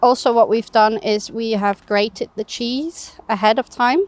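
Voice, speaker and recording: A woman's voice: on the high side, steady tone, a little slow. A woman chatting casually while showing how she makes toasties outdoors on a fishing bank, laughing often. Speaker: co-presenter, cooking on the bank. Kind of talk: casual cooking demo chat.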